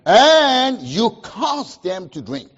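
A man preaching a sermon, asking the congregation questions and answering them, with sharp swings between loud emphasis and quiet asides. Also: high-pitched, sing-song, extremely slow, dull audio. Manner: call-and-response questions, emphatic swings in loudness.

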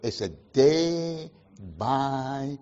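A man preaching a sermon, asking the congregation questions and answering them, with sharp swings between loud emphasis and quiet asides. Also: mid-range voice, animated, extremely slow, lo-fi sound. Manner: call-and-response questions, emphatic swings in loudness.

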